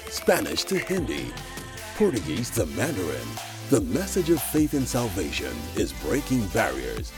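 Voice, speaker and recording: A man reading a scripted radio promo in an upbeat, salesy voice-over. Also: lowish voice. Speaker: radio announcer. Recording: voice-over over music.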